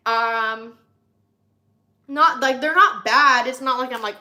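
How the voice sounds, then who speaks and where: A young American woman chats to camera in a casual snack-tasting vlog, rambling with plenty of likes and ums. Her voice sits high and comes out slowly with a bright, forceful tone, a little nasal from a recent illness.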